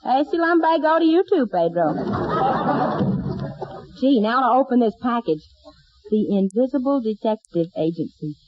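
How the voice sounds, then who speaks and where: A woman's voice: a little high, animated, normal speed, long pauses, slight background noise, lightly acted. A woman playing a scatterbrained, wisecracking country gal in a 1940s radio sitcom, folksy and punning, on a dull old broadcast recording. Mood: zany. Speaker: comedy star of a radio sitcom.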